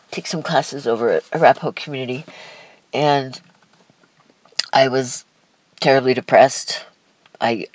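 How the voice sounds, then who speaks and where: A young woman telling a personal life story candidly, in a halting, emotional way with restarts and sighs. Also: extremely low pitch, rough recording.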